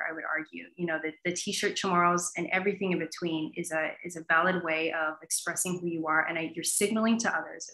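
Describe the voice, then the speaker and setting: A woman talking as an academic guest in an animated interview, with plenty of fillers. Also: on the low side. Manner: animated, many fillers like "you know". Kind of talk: conversational interview answer. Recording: roomy echo.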